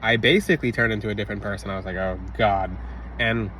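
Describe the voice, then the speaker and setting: A man telling a personal story in a casual, rambling monologue, interrupting himself and bursting into loud re-enacted shouts. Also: on the low side, very fast. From Florida. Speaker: religious vlogger. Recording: slightly distant mic, faint outdoor traffic noise.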